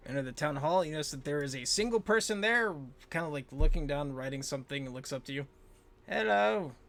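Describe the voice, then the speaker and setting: A man running a tabletop game as game master, narrating in a relaxed, hesitant way. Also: on the high side, fast talker.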